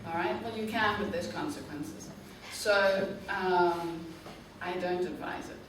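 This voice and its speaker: A tour operator director, a woman with a fairly low pitch, delivers a guest lecture to a university class. She speaks slowly and clearly, often checking understanding with "okay?". The echoey classroom is recorded from a distant mic with faint noise.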